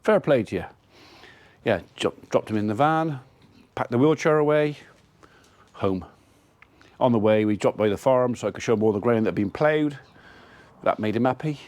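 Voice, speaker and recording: A man's voice: medium pitch, animated, moderate pace, pauses often, darkish tone, no echo. A man, a farmer, chatting casually to camera as he tells a rambling story about his day. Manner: chatty, rambling anecdote with quoted dialogue. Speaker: farmer vlogger.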